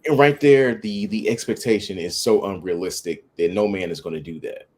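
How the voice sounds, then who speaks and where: Man co-host, lower voice, relaxed slangy storyteller in casual dating chat. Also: fairly quick. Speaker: podcast co-host.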